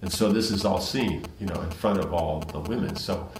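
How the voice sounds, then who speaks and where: A man's voice: low-pitched, moderate pace, slight background noise. A man teaching, reading scripture aloud with commentary and rambling asides full of restarts. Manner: rambling, many restarts and "you know"s. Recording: roomy echo.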